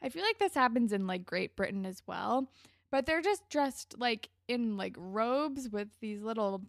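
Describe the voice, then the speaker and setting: A woman co-hosts a casual podcast, retelling a TV episode in loose, chatty talk sprinkled with "like", laughter and swearing. Her voice has a gravelly, creaky edge. The sound is dry and close, with no room around it. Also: a little high, lively intonation, measured pace, dry recording. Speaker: podcast co-host recapping a TV episode. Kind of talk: casual chat.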